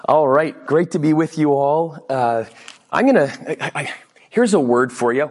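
A man giving a conversational sermon as a guest preacher, telling chatty anecdotes and quoting people in lively voices. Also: a little high, normal speed.

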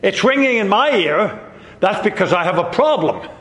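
Male pastor, high and animated, delivering an emphatic sermon in a big echoey church hall. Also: moderate pace. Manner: emphatic, repeats rhetorical questions. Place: church sanctuary. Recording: echoey hall with long reverb.

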